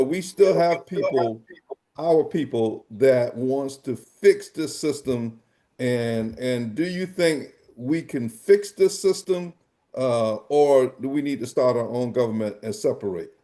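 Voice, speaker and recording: A man hosting an interview, framing his questions with measured, hesitant restarts. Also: mid-range voice, mellow, low-quality recording. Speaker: interview host.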